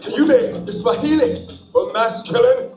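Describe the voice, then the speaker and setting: A man's voice: very high voice, slow. A man playing a proud, playful troupe leader who leads the crowd in chants at a live theme park show. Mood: grand. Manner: grand, theatrical, leading crowd chants. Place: outdoor theme park stage. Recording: roomy space with music.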